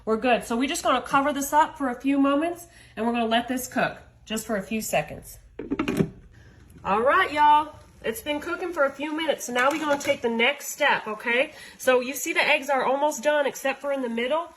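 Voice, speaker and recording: A woman's voice: sits high, a little fast, a bit bright, rough recording. Chatty woman cooking at home. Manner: chatty, folksy, talks directly to viewers. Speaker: home cook. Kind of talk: cooking demonstration. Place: home kitchen.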